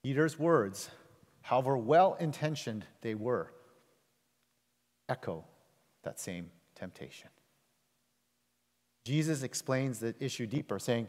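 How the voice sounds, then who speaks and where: A male pastor preaching a sermon with emphatic delivery, surging loud and high, then dropping low and quiet. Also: lively intonation, slow pace, pauses often. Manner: emphatic, swings between loud rises and soft low drops. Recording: long reverb of a large hall.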